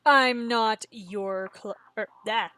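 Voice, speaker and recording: A woman voicing a young girlfriend turned cold and sinister, speaking calmly with a sweet menace. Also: on the high side, takes it slowly, poor audio.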